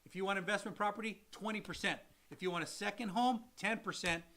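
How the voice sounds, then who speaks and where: Man, mortgage loan officer, live Q&A co-host, high voice, bright tone, animated, repeats himself. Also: fast. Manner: animated, explains with acted-out examples and repeats phrases. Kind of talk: casual live Q&A.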